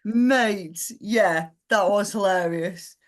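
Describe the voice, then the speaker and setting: A woman hosting an open mic poetry night, chatting casually and warmly, calling people mate and laughing often. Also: medium pitch, slow. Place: live poetry night venue.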